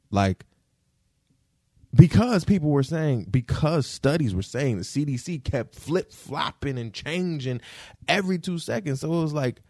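New guy, casual podcast rant; mellow low voice with lively swings, lots of fillers and cursing. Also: no room sound, clean studio sound. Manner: animated, swears freely, frequent fillers and "you feel me".

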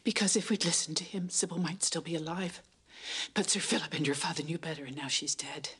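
A woman's voice: low voice, fairly even intonation, fairly quick, fairly bright tone, slightly rough, heavily acted. A woman voicing a grief-stricken aristocratic mother who sounds bitter and accusing.

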